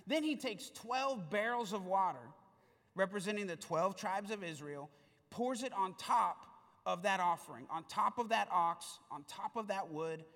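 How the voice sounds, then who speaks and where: A male pastor preaching a sermon in a large church hall, telling the story in a lively way with playful asides. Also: sits high. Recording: reverberant hall sound.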